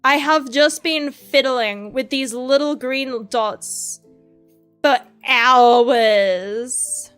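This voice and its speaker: Casting: young female streamer, high voice, slow unhurried delivery, rambling and self-deprecating. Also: fairly bright tone, clear, resonant tone, faint music behind. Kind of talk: casual chat while drawing.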